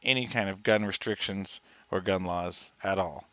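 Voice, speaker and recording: A man from New Mexico co-hosting a podcast, chatting in a relaxed, matter-of-fact way. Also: deep voice, normal speed, no echo. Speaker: podcast co-host. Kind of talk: casual chat. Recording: dull, dry lo-fi mic.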